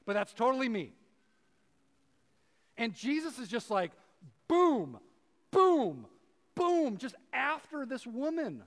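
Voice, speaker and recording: A man preaching a casual, animated sermon to an audience, acting out voices as he goes. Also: very high-pitched, unhurried, pauses often. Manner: casual and animated, acts out voices, many fillers. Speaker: preacher and professor. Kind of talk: conversational sermon. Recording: long reverb of a large hall.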